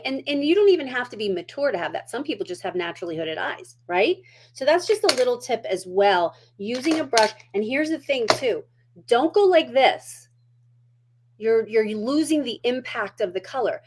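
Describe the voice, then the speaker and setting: A woman's voice: mid-range voice, a little mellow. A middle-aged woman hosting a casual makeup tutorial at home, chatty and down-to-earth as she demonstrates.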